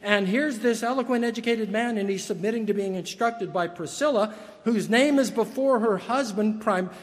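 High-voiced preacher in a reverberant hall. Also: male voice, moderate pace. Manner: earnest, emphatic preaching with repeated words and restarts. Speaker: pastor. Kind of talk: sermon. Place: church sanctuary. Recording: long reverb of a large hall.

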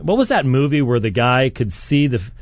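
Male call-in host, halting delivery full of restarts, dry close studio sound. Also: mid-range voice, big pitch swings, no room sound. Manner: halting, many restarts and fillers, chuckles often. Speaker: radio show host. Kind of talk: call-in radio talk.

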